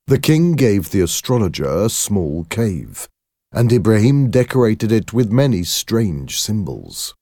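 A man reading a storybook aloud as narrator, slow, clear and carefully paced. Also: lowish voice, big pitch swings, warm tone, dry recording, clean studio sound.

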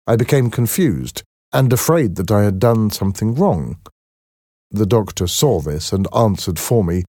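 Man reading a story slowly. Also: lowish voice, animated, warm tone, no room sound, studio quality. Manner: slow, clear storytelling. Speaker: narrator.

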